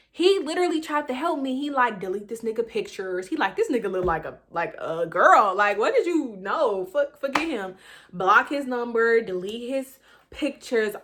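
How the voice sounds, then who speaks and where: Young woman vlogger, casual slangy storytime, dramatic and animated, loud peaks, quiet asides. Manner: animated, dramatic, swings between loud outbursts and low asides. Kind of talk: storytime vlog.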